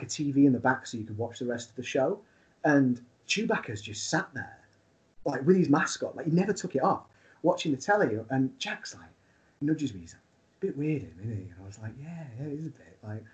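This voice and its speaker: A man, a wrestler guest, telling a long funny story in a casual, animated way with laughs. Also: medium pitch, dull audio.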